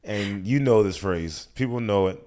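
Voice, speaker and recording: An American comedian in his thirties, guesting on a podcast in the studio, tells a story casually with laughter and acted-out quotes. His voice is lowish and a little mellow, at a moderate pace.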